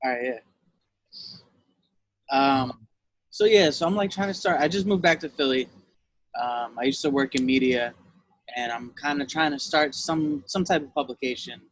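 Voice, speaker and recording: A man's voice: medium pitch, normal speed, pauses often, a bit bright, poor audio. A man casually interviewing a guest, talking loosely with plenty of "yo" and "like".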